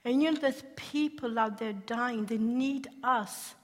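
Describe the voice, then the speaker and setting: A woman telling her conversion-mission testimony as a sermon, animated and laughing often, asking her listeners questions. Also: a little high, a little slow. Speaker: speaker sharing a testimony. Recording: long hall reverb.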